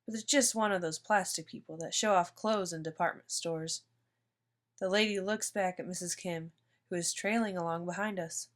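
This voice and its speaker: A woman reading a children's picture book aloud in steady, even narration. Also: fairly low pitch, normal speed. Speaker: storyteller.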